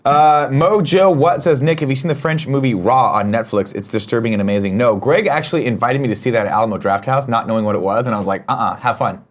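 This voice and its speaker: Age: adult. Sex: man. Role: talk show host. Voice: mid-pitched. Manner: profane, bantering. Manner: profane, joking, slows down when reading comments aloud. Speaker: show host reading viewer comments. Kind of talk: casual banter.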